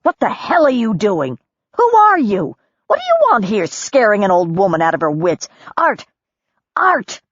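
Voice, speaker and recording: A woman narrator voicing a hot-tempered woman who shouts and swears at intruders on her property. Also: deep voice, lively intonation, a little slow, breathy edge, dry recording, dull audio, full character voice. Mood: furious yelling.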